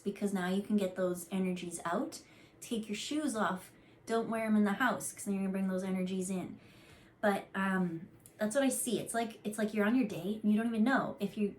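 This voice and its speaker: A woman's voice: medium pitch, darkish tone, slight background noise. A woman giving a casual channeled card reading, chatty and earnest, rambling with fillers and restarts. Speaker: intuitive card reader.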